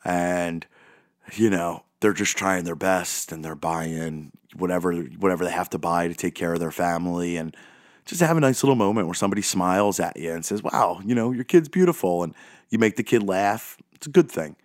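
Low-voiced goofy podcast host, dry mic. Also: male voice, moderate pace, no echo. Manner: rambling, self-deprecating, goofy. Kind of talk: casual monologue.

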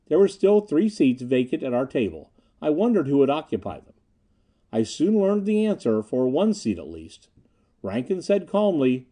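A man reads an old adventure story aloud, expressive and measured. His voice is very dark and mellow, with a lively, rolling melody. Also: fairly high pitch. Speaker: audiobook narrator. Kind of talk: scripted audiobook narration.

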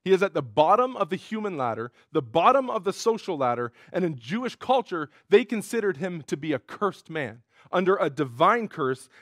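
A male pastor preaching a sermon in an earnest way, rising in pitch and force when he quotes cries. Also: a bit bright, no room sound, studio quality.

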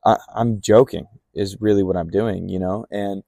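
A young man tells a personal story in a relaxed, rambling way, full of fillers and acted-out bits of dialogue. His voice sits a little low, with a gravelly edge and a mellow, dark tone. The sound is dry and close. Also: normal speed, no room sound. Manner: rambling, acts out remembered dialogue with many fillers. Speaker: podcast guest telling a testimony. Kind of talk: casual storytelling.

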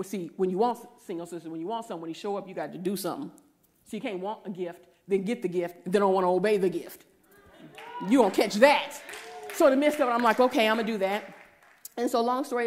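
A woman, giving a preaching testimony and acting out the voices in her story, sometimes rising to a shout. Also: medium pitch. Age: 40s.

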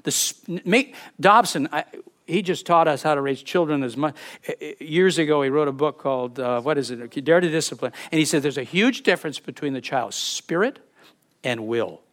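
A pastor delivers a sermon with emphatic, expressive preaching. He reads scripture aloud with feeling. His voice sits high for a man. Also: moderate pace.

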